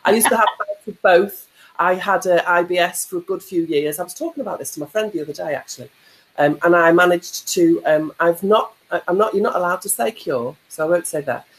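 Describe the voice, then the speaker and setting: A woman's voice: on the low side, brisk, poor audio. A woman co-hosting a casual live chat, speaking candidly about personal things and laughing easily. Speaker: co-host.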